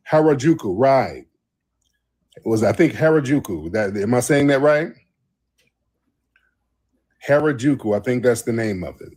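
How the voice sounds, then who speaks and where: A man from the United States hosting a casual livestream while travelling abroad, telling rambling, animated stories and swearing often. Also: on the low side, slightly rough. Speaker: host.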